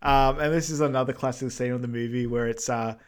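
A man's voice: mid-range voice, fairly even intonation, fast, clear, resonant tone. A man co-hosting a movie podcast, laughing easily and quoting scenes. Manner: laughs easily, quotes scenes in put-on voices. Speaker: podcast co-host. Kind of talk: casual movie recap chat.

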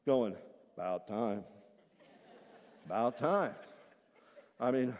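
A man's voice: medium pitch, huge pitch swings, slow, warm tone, pitched below the performer's own voice, heavily acted. A man voicing a resentful elder brother, talking sarcastically and with scorn. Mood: sneering. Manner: sneering, sarcastic. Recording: long hall reverb.

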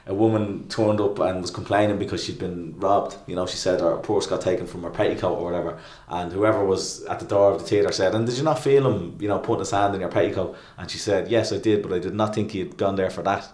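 A man's voice: low voice, fast talker, hardly any pauses, a little mellow. A man talking casually as a podcast guest, rambling with many restarts and fillers. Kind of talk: casual chat. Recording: echoey room.

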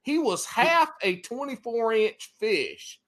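A man's voice: extremely high pitch, sing-song, slow pace, fairly bright tone. A man co-hosting a podcast, trading crude jokes and teasing in casual banter. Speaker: podcast co-host.

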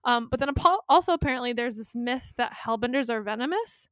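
A woman's voice: on the high side, expressive, fast, fairly bright tone, dry recording, studio quality. A woman co-hosting a podcast in casual chat, talkative, laughing often and swearing freely. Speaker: podcast co-host.

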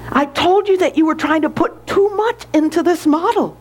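A woman's voice: very high voice, normal speed, a little mellow, voice pushed up. A woman doing a doubtful fussy angel.

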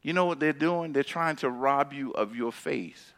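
A man preaching a sermon who reads scripture slowly and then talks casually, swinging between loud emphatic lines and hushed ones. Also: medium pitch. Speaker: pastor.

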